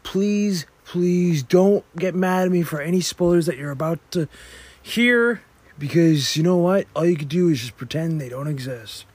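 A man's voice: fairly high pitch, moderate pace, a little mellow, husky. A young adult man hosting a podcast, giving a casual, rambling movie review with frequent restarts. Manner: rambling, chatty, with self-corrections and restarts. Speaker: podcast host. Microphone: podcast microphone.

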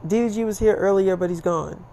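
A woman's voice: mid-range voice, a little fast, mellow, slight background noise, voice pushed up, close to an everyday voice. A man voicing a young woman who pleads with him and speaks crudely. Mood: clingy. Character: young woman girlfriend, clingy and frank.

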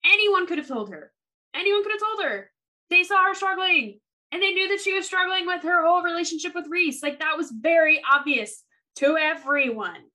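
A woman co-hosting a casual book podcast, with a slightly high voice. Her tone is bright and sharp, and she talks in an animated way that tips into swearing rants. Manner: animated, ranting, swears when heated. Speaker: podcast co-host.

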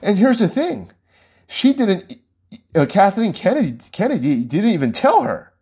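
A man's voice: sits high, big pitch swings, normal speed, a little mellow, breathy edge. A man hosting a show, giving a casual, rambling political commentary monologue with frequent chuckles.

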